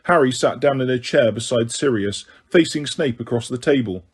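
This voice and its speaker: A male audiobook narrator tells the story in a steady, even way. His voice sits at a middling pitch and has a husky grain. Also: moderate pace. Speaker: audiobook reader.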